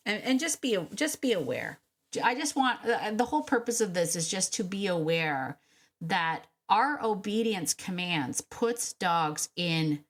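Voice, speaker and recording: Chatty emphatic woman podcast host. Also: lowish voice. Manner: chatty and emphatic, with frequent laughs and restarts. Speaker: podcast host, dog trainer. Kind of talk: casual solo podcast monologue.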